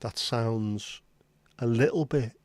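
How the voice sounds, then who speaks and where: A man's voice: mid-range voice, takes it slowly, no echo. A man hosting a casual livestream chat, rambling and reading out viewer comments. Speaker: livestream host.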